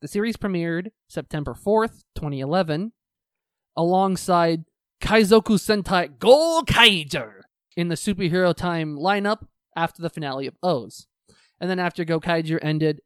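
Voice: medium pitch, moderate pace, clean tone, no room sound, studio quality. A podcast co-host chatting casually, swearing often and ranting with energy about shows they love and hate. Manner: profane, animated ranting.

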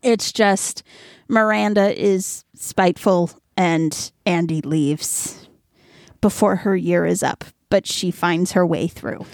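A woman's voice: fairly low pitch, slow pace, vocal fry, a little mellow, dry recording, studio quality. A young adult woman co-hosting a podcast, casually retelling a book's plot and leaning on "like" as filler. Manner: chatty plot retelling with heavy use of "like". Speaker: podcast co-host. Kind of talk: casual book chat.

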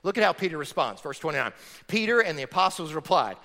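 Lively high-voiced pastor preaching in a hall. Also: male voice, fast. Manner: emphatic, rhetorical questions to the congregation. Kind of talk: sermon. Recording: long reverb of a large hall.

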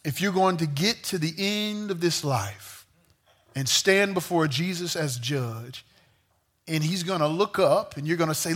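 A man preaching a sermon to a young crowd, telling a story with lively, joking asides. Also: a little high, a little slow. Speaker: youth pastor.

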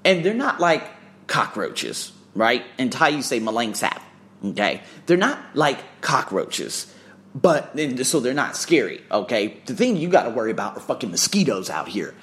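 Man, vlogger, casual storytelling, profane, excitable, lively swooping pitch, mid-range voice. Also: moderate pace. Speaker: vlogger and English teacher.

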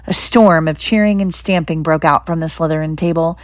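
A woman reading a novel aloud in steady storytelling, close to the mic. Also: sits low, fairly quick, few pauses, dry recording. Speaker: reader.

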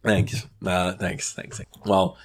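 A man's voice: sits low, level tone, slow pace. A young adult man co-hosting a podcast in casual chat, joking and teasing with some swearing. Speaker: podcast co-host.

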